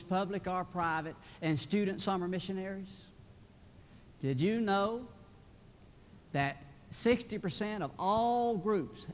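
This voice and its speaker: A man's voice: a little high, big-room sound, slight background noise. A man, a college president giving a sermon, earnest and building to fervent emphasis. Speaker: college president, guest preacher.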